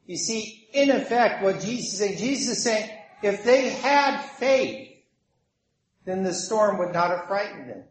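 In an echoey room, a man with a high voice preaches a sermon at a slightly slow pace. He tells a story vividly and animatedly, acting out its different voices.

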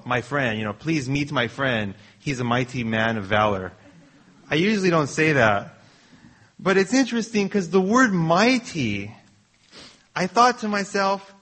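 A man preaching a sermon to a congregation, slow and emphatic, asking his listeners questions. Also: on the high side, a bit bright. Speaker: pastor.

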